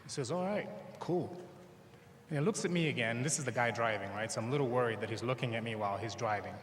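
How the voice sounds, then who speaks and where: A man's voice: medium pitch, racing. A man from Zambia with a Zambian accent, giving a graduation speech and acting out the lines of people in his stories. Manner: animated storyteller, acts out dialogue. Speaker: motivational speaker. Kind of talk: commencement speech with storytelling. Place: large hall. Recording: echoey hall with faint background noise.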